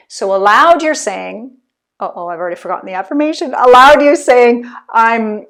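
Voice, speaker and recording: Woman podcast host, earnest coaching delivery, addresses the listener directly. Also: mid-range voice. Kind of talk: motivational podcast talk.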